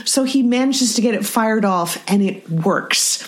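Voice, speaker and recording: A woman co-hosting a podcast, chatting through an episode recap and acting out quoted lines with animated shifts in voice. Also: a little high, a little slow. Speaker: podcast co-host. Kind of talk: casual recap chat.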